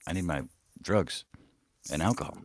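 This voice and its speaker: A low-voiced man co-hosting a podcast, spinning crude, profanity-laced stories. His voice sounds dry and close, with no room around it. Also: moderate pace, no echo. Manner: crude, profane storytelling with laughs. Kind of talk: casual podcast chat.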